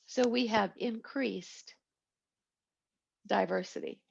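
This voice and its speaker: Female instructor, chatty lecture delivery, husky voice, dull lo-fi recording. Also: medium pitch, slow pace. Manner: chatty, digressive lecturing with asides and jokes. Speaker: biology instructor. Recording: lo-fi, muffled recording.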